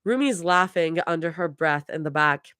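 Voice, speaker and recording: A woman's voice: sits low, expressive, moderate pace, fairly bright tone, dry recording, clean studio sound. A woman reading her fan fiction aloud live, chuckling and restarting words as she goes. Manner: laughs and restarts while reading. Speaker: fanfiction reader.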